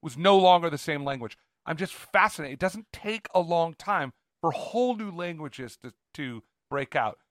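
A man's voice: on the high side, animated, moderate pace, hardly any pauses, fairly bright tone, no room sound, studio quality. Eager, rambling man on a podcast. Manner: enthusiastic, rambling with restarts. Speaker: podcast co-host. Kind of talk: casual podcast chat.

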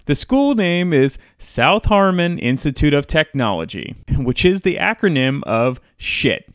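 A man hosting a casual countdown of comedy movies, chatty and relaxed, with frequent fillers. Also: a little high, measured pace, clear, resonant tone, no echo, studio quality. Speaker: host.

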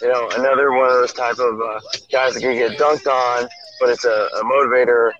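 A man's voice: medium pitch, level tone, a little fast. A man co-hosting a podcast in casual chat, rambling with lots of fillers, calling in from a noisy public place. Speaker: podcast co-host. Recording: dull lo-fi audio over a noisy crowd.

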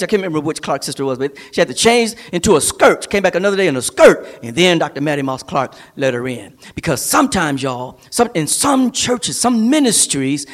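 A man preaching a sermon as a pastor, building emphasis through repeated phrases, in a church service streamed online. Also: high voice. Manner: preaching with rising, emphatic repetition.

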